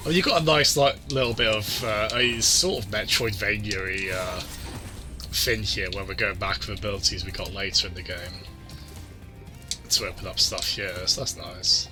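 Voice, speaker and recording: A rambling streamer talking his way through a video game. His voice sits fairly low and relaxed as he chats with viewers, often restarting his sentences. Game music plays clearly behind him. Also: moderate pace. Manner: rambling and chatty, with many restarts. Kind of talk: casual let's-play chat.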